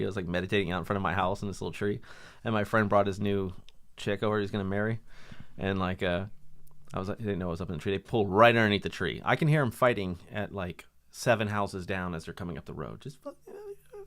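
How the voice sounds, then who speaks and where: A man co-hosting a podcast, telling crude stories in casual chat and acting out the quotes. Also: lowish voice. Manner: crude, animated storytelling with acted-out quotes. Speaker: podcast co-host.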